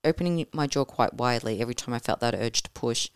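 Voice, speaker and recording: A woman telling her birth story as a podcast guest, animated and casual, swearing freely and acting out what she said at the time. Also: very deep voice, fast talker, clear, resonant tone, no room sound, studio quality. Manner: animated, swears casually, acts out her own past words.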